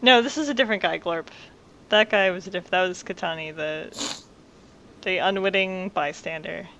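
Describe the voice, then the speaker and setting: A co-host giving casual game commentary with animated, exclamatory reactions. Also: medium pitch, normal speed, a little hiss or hum, rough recording.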